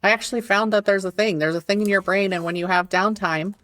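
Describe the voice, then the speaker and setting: Woman podcast cohost, mid pitch, chatty, explains stuff she looked up, dry close mic. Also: fairly even intonation, quick pace, fairly bright tone, no room sound. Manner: explains things eagerly, chatty. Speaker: podcast co-host. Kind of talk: casual chat.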